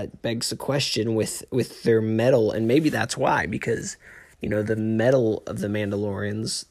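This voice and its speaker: A man hosting a casual solo podcast, talking in a rambling, excitable way with frequent restarts. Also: lowish voice, vocal fry. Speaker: podcast host.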